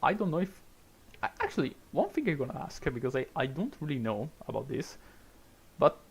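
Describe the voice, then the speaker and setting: Speaking briskly at medium pitch with huge pitch swings, this young man from Italy has a creaky, husky voice and an Italian accent. He rambles chattily through commentary on his racing game stream, often restarting and laughing a little.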